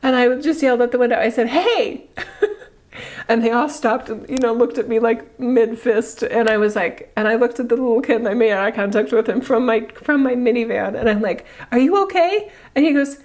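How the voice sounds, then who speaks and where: A woman's voice: on the high side, fairly even intonation, a little fast, few pauses, darkish tone. A woman in her forties talking to her viewers in a reflective monologue, candid and chatty, laughing often and acting out what people said. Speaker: video host.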